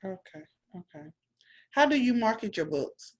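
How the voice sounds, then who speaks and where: A woman with a husky, slightly breathy voice hosts a casual interview. She asks brief questions and fills the pauses with short, encouraging replies. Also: on the high side, big pitch swings. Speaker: interviewer and channel host.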